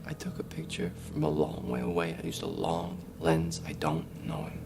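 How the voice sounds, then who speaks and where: An actor playing a nervous young man in a film, hushed and evasive. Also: sits low, wildly swooping pitch, moderate pace, gravelly, soft background music, exaggerated voice. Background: faint film score.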